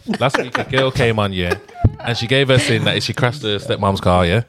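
An easygoing man hosts a casual podcast chat, with some halting restarts. His voice sits slightly low. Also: crowd noise. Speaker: podcast host.

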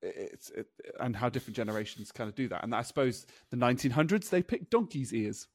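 A man's voice: mid-range voice, expressive, fast, no echo. Chatty man on a dry mic. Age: 30s. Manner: chatty, looks things up and reads them out, laughs often. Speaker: podcast co-host. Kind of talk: casual chat.

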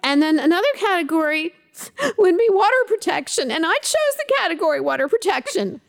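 A woman's voice: extremely high pitch, very animated, a little fast, creaky, pitched above the performer's own voice, exaggerated voice. A woman voicing her young daughter as a five-year-old girl, explaining her reasons earnestly and indignantly.

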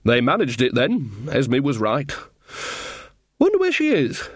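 A man's voice: mid-range voice, huge pitch swings, unhurried, husky, dry recording, clean studio sound, heavily acted. Old witch woman, earthy and bawdy, blunt rustic talk; male narrator voices her. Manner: blunt, cheeky, rustic grammar.

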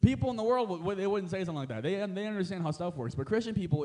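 Fast, high-voiced young male preacher. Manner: animated, conversational preaching with asides and laughs. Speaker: pastor. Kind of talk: sermon.

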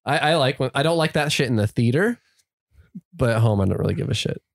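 Man, podcast co-host, casual chat, rapid pace, laughs a lot, dry sound. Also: medium pitch, lively intonation, gravelly, no room sound.

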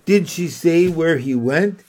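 A thoughtful young boy who keeps asking earnest questions, played by a man reading a storybook. The delivery is unhurried and sits a bit high. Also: lively intonation, a little mellow.

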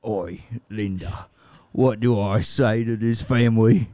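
A man voicing a drunken, brutish English gangster with a put-on cockney-style accent, talking rough and aggressive. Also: lowish voice, steady tone, slow, mellow, no echo, clean studio sound. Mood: rowdy.

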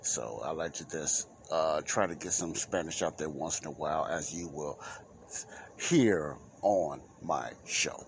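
A man's voice: rumbling low, unhurried, a little hiss or hum. A man hosting his own Christian talk podcast, talking in a rambling, repetitive, informal preacherly way. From United States. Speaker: podcast host. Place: Chicago area.

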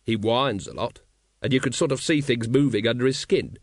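A man voicing a bitter, weary male watch captain who speaks gruffly and dryly, in an audiobook reading. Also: mid-range voice, moderate pace, dry recording, natural voice. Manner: gruff, dry.

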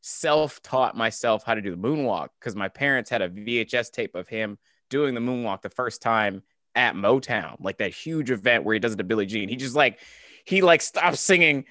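Midwestern man in his 30s, podcast guest, animated and laughing, slight Southern twang, dry close mic. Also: medium pitch, moderate pace, no room sound. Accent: flat Midwestern American, occasional Southern twang. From Kansas, US. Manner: animated storyteller, laughs often, many restarts. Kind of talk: casual podcast conversation.

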